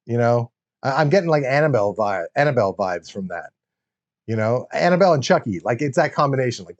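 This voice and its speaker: A man hosting a casual livestream, chatting in a rambling, excitable way and laughing often while he builds a toy set. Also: on the high side. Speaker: livestream host.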